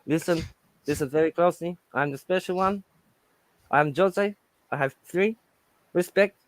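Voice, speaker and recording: A man's voice: fairly high pitch, normal speed, no room sound, natural voice. A man imitating an arrogant, boastful foreign football manager. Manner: boastful, emphatic.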